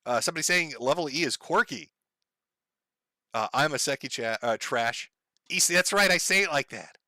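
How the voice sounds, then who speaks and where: A middle-aged man chats casually on a live stream, reading out donations and swearing freely, wry and joking, laughing at his own jokes. His voice is fairly high, animated, and bright with a forceful edge, at a moderate pace. The recording is dry and studio quality.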